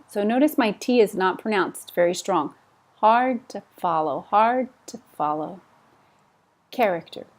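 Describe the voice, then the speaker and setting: A woman teaching English pronunciation, repeating each word slowly and clearly and explaining how the sounds are made. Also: mid-range voice, darkish tone. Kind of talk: slow, clear pronunciation drill.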